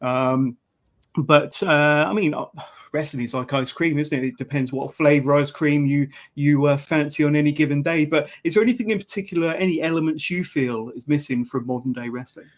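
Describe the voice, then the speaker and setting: A man hosting a podcast interview, relaxed and hesitant, with many filler sounds. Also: fairly high pitch, brisk. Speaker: podcast host. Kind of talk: casual interview.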